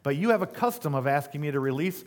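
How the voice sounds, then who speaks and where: A man's voice: on the high side, lively intonation, quick pace, natural voice. Guy reading as a stern roman governor, pressing questions, voice jumps up when he demands answers. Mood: questioning.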